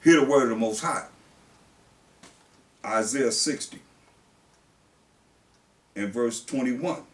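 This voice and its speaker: A male preacher, who reads scripture slowly and then explains it in blunt everyday speech. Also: medium pitch. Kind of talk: sermon. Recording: roomy, distant mic.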